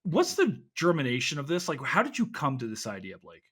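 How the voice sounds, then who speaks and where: A man's voice: on the high side, wildly swooping pitch, a little fast, fairly bright tone, husky. A man hosting a podcast, asking questions in a playful, joking way. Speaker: podcast host. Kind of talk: casual interview.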